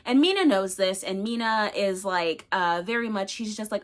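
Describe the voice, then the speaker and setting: A woman's voice: medium pitch, lively intonation, normal speed, few pauses. A young woman recapping a book casually, rambling with lots of fillers. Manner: rambling, filler-heavy, chatty. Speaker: book reviewer.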